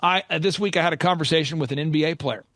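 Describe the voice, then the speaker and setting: A man's voice: a little high, very fast, a bit bright, no room sound, clean studio sound. A middle-aged man hosting a business podcast, coaching in an emphatic storytelling way and repeating his key phrases, recorded in his office. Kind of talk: energetic coaching monologue. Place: office with installations going on.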